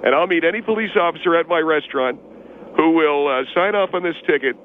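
A man doing a smug, boastful restaurant owner who brags about himself in the third person. Fairly high, nasal-edged voice over a tinny phone line, with a faint hiss underneath. Comic radio call-in bit. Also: a little fast, close to an everyday voice. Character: arrogant boastful male restaurant owner, middle-aged. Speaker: show guest.

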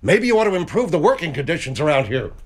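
A man's voice: a little high, very animated. A man voicing a fretful male show assistant who stammers and pokes with questions. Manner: stammering, quick, nosy.

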